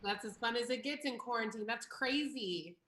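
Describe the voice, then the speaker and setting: A woman comedian chatting casually as a show guest, with dry deadpan jokes. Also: fairly high pitch, normal speed, a little hiss or hum, poor audio.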